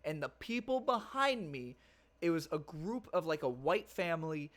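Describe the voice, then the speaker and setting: A man's voice: on the high side, expressive, moderate pace, a bit bright. A young man hosting his own podcast, chatting casually and rambling, swearing freely with plenty of fillers and restarts. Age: young adult. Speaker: podcast host. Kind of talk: casual solo podcast chat.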